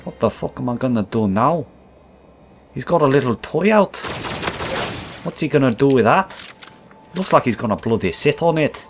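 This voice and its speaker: Putting on an accent he admits isn't his own, a man plays a crude, taunting gamer persona and trash-talks through his gameplay commentary as host. The talk is foul-mouthed and brash, in a medium-pitched voice close to his everyday one. He's animated at a normal speed with long pauses, over a noisy background.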